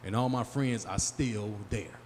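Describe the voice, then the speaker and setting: A man in his forties doing a live stand-up set, working the crowd loudly and acting out his friends in high, excited voices. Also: a little slow. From Chicago area. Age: 40s. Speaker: stand-up comedian. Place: small live venue. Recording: live room with long reverb and faint hum.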